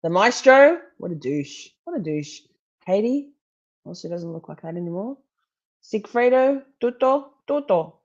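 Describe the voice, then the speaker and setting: A woman chats loosely on a live stream, drifting between stories and jokes with easy laughs and the odd swear. Her voice sits at a middling pitch, and the sound is a little dull. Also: big pitch swings, unhurried. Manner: rambling, laughing, swearing, chatty. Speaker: true crime streamer. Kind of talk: casual live-stream chat over court footage.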